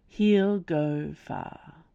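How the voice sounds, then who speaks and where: A woman's voice: low-pitched, extremely slow, gravelly, dark tone, dull audio, exaggerated voice. A woman reading aloud voices an elegant, refined lady official who speaks formally.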